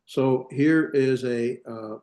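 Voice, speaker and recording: This Hebrew teacher, a man with a mellow mid-range voice, speaks at a slow pace. He gives a classroom grammar lecture, reasoning aloud, pausing in hesitation and correcting himself.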